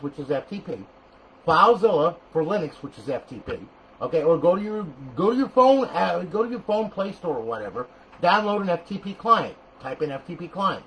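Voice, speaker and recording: A man's voice: fairly high pitch, fairly bright tone, slight background noise, low-quality recording. A man walking a viewer through a console menu in a casual tutorial, blunt and profane, with frequent "okay?" checks. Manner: repeats "okay?" and "all right?" as checks. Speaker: tutorial host.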